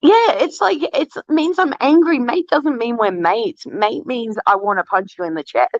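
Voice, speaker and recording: A woman's voice: on the high side, moderate pace, dry recording, lo-fi sound. A woman from Australia with an Australian accent, chatting candidly as an interview guest, laughing often and swearing freely. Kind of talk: casual interview chat.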